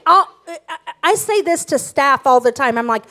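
A woman in middle age gives a sermon on marriage. Her voice sits very high, and she talks with emphatic, passionate candor. She is open about her own faults as she teaches. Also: expressive, normal speed, bright, forceful tone. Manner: emphatic, passionate, self-revealing. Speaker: pastor's wife and co-pastor.

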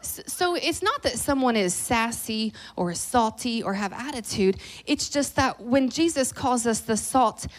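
A woman in her thirties with a Southern accent preaches a sermon. She talks fast and jokes with the crowd. When she prays, her voice goes hushed. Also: fairly high pitch. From American South. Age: 30s. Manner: lively, joking, fast-talking; drops to a hushed voice in prayer. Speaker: guest preacher.

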